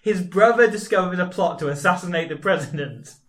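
A man's voice: sits high, a little fast, fairly bright tone. A man hosting a comedy podcast, giggling often as he reads aloud and improvises scenes. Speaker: podcast host.

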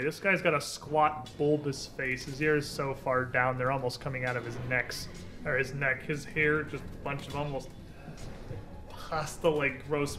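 A man narrating a tabletop game as game master, describing scenes in a halting way with fillers. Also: on the high side, pushed and bright.

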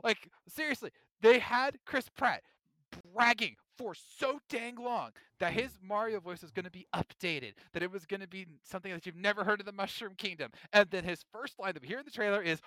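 A man co-hosting a podcast, talking in casual chat with animated, emphatic ranting. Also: high-pitched, a little fast, no echo. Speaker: podcast co-host.

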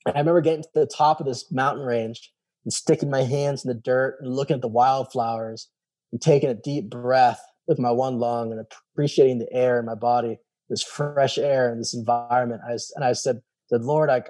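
In a brisk, mid-range voice, a male guest casually tells a story from his own life. He brings it to life by acting out quoted dialogue, with lots of fillers and "I was like" coming up repeatedly.

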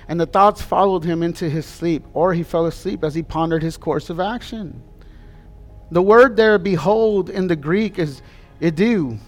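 A man giving a sermon as a guest pastor, earnest and conversational, pressing points with emphasis. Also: high voice.

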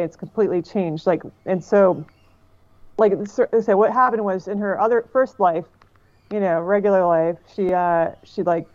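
A woman's voice: on the low side, darkish tone, highs cut off. A woman co-hosting a casual chat, recounting an internet story in a chatty way full of "like" and "you know".

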